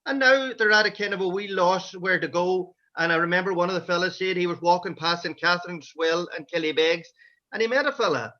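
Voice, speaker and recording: Donegal Irish man, high and bright, anecdotal storyteller, lo-fi call audio. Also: fairly quick. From Ireland. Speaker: men's shed member. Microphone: video call. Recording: dull lo-fi video call audio.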